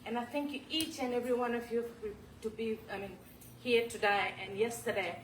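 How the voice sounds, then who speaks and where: A woman speaks an emotional tribute in a large temple hall, halting and apologetic as she fights back tears. Her voice comes from well away from the mic and rings through the roomy space. Steady background noise sits under her words. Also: fairly high pitch. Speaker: devotee giving a homage. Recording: echoey hall, voice from far off, clear background noise.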